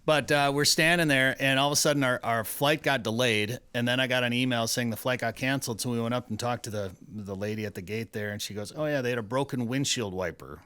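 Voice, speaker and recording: A male radio host with a bright, forceful voice, telling stories and running trivia in an easygoing, rambling way. The studio sound is dry and close. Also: mid-range voice, steady tone, fast talker, few pauses, clean tone, no room sound. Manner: chatty, loose storytelling with restarts. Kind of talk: casual radio banter and trivia.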